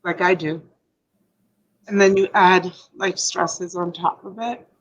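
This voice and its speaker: A woman's voice: on the low side, fairly even intonation, takes it slowly, muffled recording. A woman hosting a casual live stream, emotional and tearful, rambling and reading out viewer comments.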